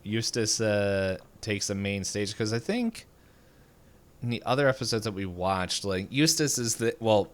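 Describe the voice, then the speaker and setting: Low-voiced man rambling on a podcast. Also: unhurried. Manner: rambling, many fillers and restarts. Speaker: podcast co-host. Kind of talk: casual chat.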